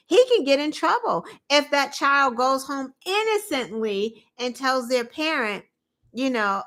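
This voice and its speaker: A woman host giving opinionated political commentary, indignant and animated, with mocking asides. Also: high voice, measured pace.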